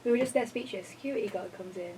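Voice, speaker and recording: A woman's voice: medium pitch, racing, recorded from a distance, a loud crowd, poor audio. A young woman, chatting casually as a podcast co-host and telling stories with lots of "like". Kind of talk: casual chat.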